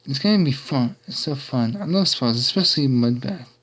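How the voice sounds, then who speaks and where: A man voicing a hyper, candy-fuelled female pony who rambles bubbly and fast. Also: mid-range voice, animated, a bit bright.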